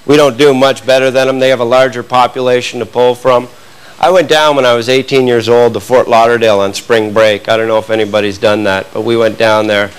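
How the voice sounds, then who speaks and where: A Canadian man doing stand-up comedy, telling a long animated story to a club audience. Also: medium pitch, brisk, smooth. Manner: animated, building to excited outbursts with audience laughter. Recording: noisy live club recording.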